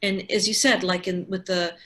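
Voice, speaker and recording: Speaking at a moderate pace in a flat, lowish, fairly bright voice, a woman in her sixties who is a physician and researcher walks through explanations step by step on a video call, frequently restarting her sentences.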